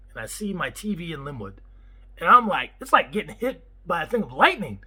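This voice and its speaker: Excitable man telling a story. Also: fairly high pitch, a little fast, breathy edge, poor audio. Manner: animated, excitable retelling with acted-out quotes. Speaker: property manager. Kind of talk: casual vlog storytelling.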